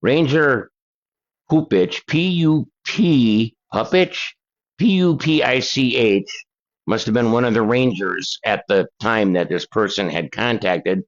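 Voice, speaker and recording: Older male host, slow and chatty, reads viewer letters. Dull lo-fi sound. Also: mid-range voice. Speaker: paranormal channel host. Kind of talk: casual reading of letters and articles.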